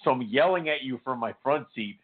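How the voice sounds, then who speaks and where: A man's voice: medium pitch, lively intonation, fairly quick. A man in casual chat who laughs a lot and swears freely while chiming into a story. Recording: tinny phone-like sound.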